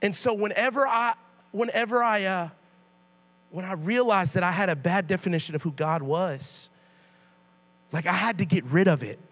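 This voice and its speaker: A young male youth pastor with a notably high voice tells a church sermon as a casual, animated story. He keeps it loose and slangy, like he's talking to friends. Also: normal speed, long pauses.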